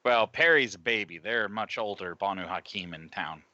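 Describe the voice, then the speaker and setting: Bright-voiced man playing a tabletop game. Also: fairly low pitch, normal speed, dry recording. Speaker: player. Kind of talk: tabletop role-play. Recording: dull dry mic.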